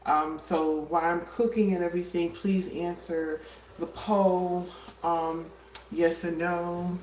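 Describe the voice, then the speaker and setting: A woman's voice: fairly low pitch, little pitch movement, slow, darkish tone. A woman hosting a casual cooking livestream from her home kitchen, chatty and a bit out of breath, greeting viewers as she works. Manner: chatty, greets viewers by name, frequent fillers. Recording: roomy, distant, faint hiss.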